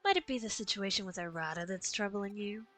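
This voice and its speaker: A scheming male villain, voiced by a woman streamer in a game, smug and politely condescending. His lines come out smooth and unhurried in a bright tone. Faint game music runs underneath. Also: medium pitch, natural voice, low-quality recording. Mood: mocking. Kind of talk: reading game dialogue aloud.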